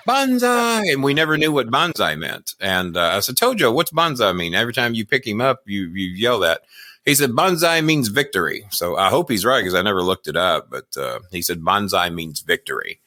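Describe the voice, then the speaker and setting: Profane storytelling man, lowish bright voice. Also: no room sound, clean studio sound. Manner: rambling, profane, laughs through his stories. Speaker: podcast guest, wrestling manager. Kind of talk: casual storytelling interview.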